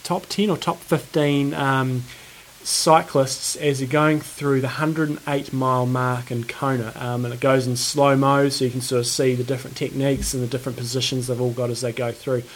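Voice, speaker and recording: A man co-hosting a podcast in a relaxed, rambling chat full of fillers. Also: mid-range voice, normal speed, a little hiss or hum. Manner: laid-back, rambling with fillers. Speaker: podcast co-host. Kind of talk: casual chat.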